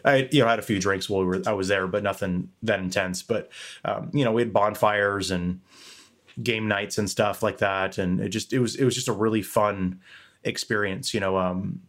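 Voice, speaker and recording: A man's voice: on the low side, fairly even intonation, moderate pace, fairly bright tone. A young man co-hosting a podcast, talking candidly in a rambling way and swearing casually. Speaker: podcast co-host.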